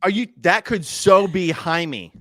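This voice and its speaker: A man's voice: sits high, slow pace, a bit bright, a little hiss or hum. A man co-hosting a casual podcast, playfully teasing and reading out viewer comments in bursts. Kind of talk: casual chat.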